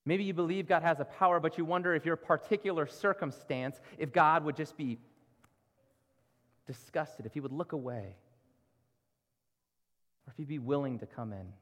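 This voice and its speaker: Male pastor, fairly high voice, earnest and pleading preaching, long hall reverb. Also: moderate pace, pauses often, fairly bright tone. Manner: earnest, pleading rhetorical questions. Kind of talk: sermon. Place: church sanctuary.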